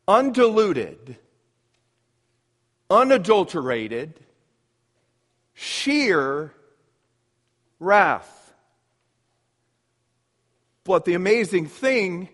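High, lively-voiced male preacher. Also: long reverb tail. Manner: emphatic preaching with drawn-out pauses. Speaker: pastor. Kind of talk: sermon.

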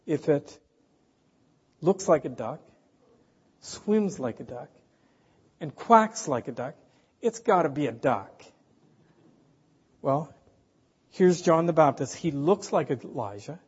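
Slow emphatic preacher in a reverberant hall. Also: male voice, a little high, lively intonation, a little mellow, breathy edge. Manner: slow, emphatic, rhetorical questions. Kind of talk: sermon. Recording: dull, hall reverb, from a distance.

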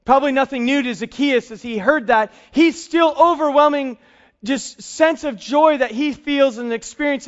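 A man preaching a sermon as a pastor, telling family stories in an animated way and slowing down to stress key points. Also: extremely high pitch, highs cut off. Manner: storytelling, animated, slows for emphasis.

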